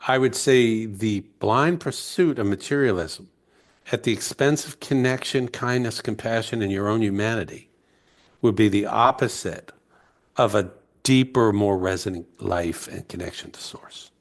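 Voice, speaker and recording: A man from the United States, a guest author, telling heartfelt stories slowly and reflectively in an interview. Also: on the low side. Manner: heartfelt, emotional, slow and searching.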